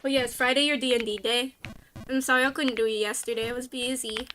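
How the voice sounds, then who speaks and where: A woman VTuber with a New Jersey accent, chatting casually with her stream chat, playful and quick to laugh. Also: fairly high pitch, steady tone, pushed and bright, a little hiss or hum.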